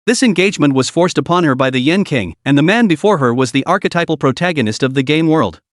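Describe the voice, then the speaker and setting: A man narrating a comic recap in a brisk, scripted storytelling manner. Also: a little high, lively intonation, dry recording, clean studio sound.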